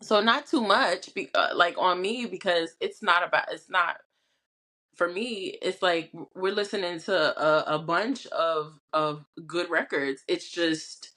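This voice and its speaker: A woman's voice: lowish voice, unhurried, a bit bright. Chatty, hedging woman podcast co-host. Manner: chatty, hedging, with frequent restarts and "like". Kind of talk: casual podcast chat.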